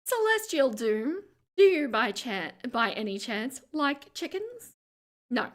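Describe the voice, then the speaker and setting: An Australian woman hosting a livestream, chatting casually as she reads viewer comments aloud, with vocal fry in her lower register and frequent laughter. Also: big pitch swings, slow. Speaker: livestream host.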